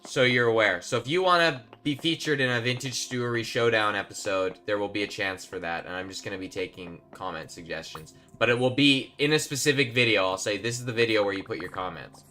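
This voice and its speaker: Bright, chatty gaming streamer man. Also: fairly low pitch, a little fast, few pauses. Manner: chatty, rambling, talks to chat while playing. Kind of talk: casual live-stream gameplay commentary.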